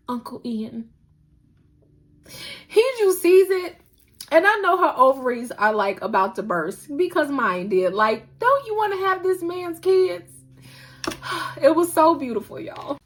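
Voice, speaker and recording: A young woman chats through a drama recap in a lively, gushing way. Her voice sits a little high, and she laughs often as she acts out the scenes. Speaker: podcast host recapping a drama. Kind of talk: casual recap chat.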